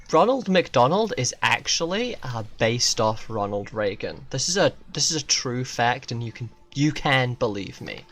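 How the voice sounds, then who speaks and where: Casting note: male game streamer, slow unhurried delivery with lively pitch, absurdist and crude. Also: a little hiss or hum. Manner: rambling absurdist jokes, profane. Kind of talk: live gameplay commentary.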